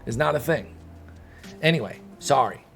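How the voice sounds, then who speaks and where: A man's voice: medium pitch, animated, moderate pace, creaky, fairly bright tone, faint music behind. A young man streaming, ranting casually to his chat, heated and rambling with many restarts. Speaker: gaming streamer. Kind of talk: casual commentary to live chat.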